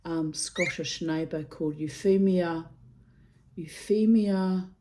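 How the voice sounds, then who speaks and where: Rambling, swearing woman with a lowish voice. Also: unhurried, noisy background. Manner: digressive and animated, swears freely, laughs often. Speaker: reader giving daily readings. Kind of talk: rambling casual monologue.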